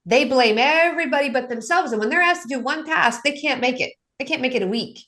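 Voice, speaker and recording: A woman's voice: high-pitched, lively intonation, fairly quick, a bit bright. A middle-aged woman, an addiction coach, telling stories in an interview and acting out her clients' voices with dramatic shifts. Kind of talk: animated storytelling in a podcast interview.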